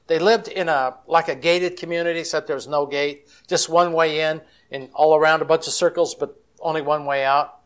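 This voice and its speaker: A man's voice: fairly high pitch, fairly quick, hardly any pauses, fairly bright tone, smooth. Male christian counselor, folksy storyteller, slightly raised voice, chatty talk. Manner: folksy, chatty, acts out quotes. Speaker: Christian counselor and conference speaker.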